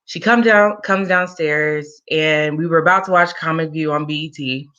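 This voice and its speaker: Bright-toned woman telling a candid story. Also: low-pitched, moderate pace, muffled recording. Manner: candid, conversational, wry asides. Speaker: guest sharing a personal story. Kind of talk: personal storytelling in an interview.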